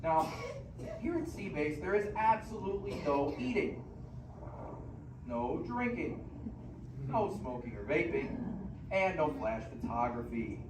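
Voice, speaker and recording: A man hosting a theme park show, giving an upbeat audience briefing and warm-up. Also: a little high, very animated, unhurried, long pauses. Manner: upbeat, clear announcing to a crowd. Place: indoor theater. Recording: echoey distant theater, noisy.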